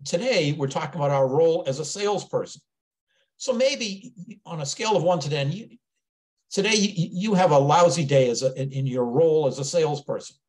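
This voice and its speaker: A man's voice: on the high side, brisk, darkish tone. A man who is a business mentor, presenting a sales webinar in an earnest, conversational way and often repeating words as he thinks aloud.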